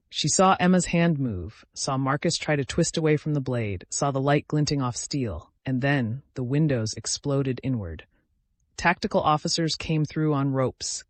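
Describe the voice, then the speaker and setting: A man reading a thriller romance story aloud in a measured, dramatic way. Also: mid-range voice, no room sound. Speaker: narrator. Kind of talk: scripted narration of a thriller romance.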